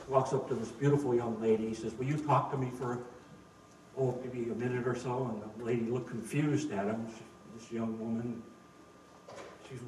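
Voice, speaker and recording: A man's voice: medium pitch, fairly even intonation, normal speed, darkish tone, a little hiss or hum. A man preaching a sermon, telling jokes and stories in a folksy, conversational way. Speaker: pastor. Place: church sanctuary. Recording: echoey room, mic at a distance.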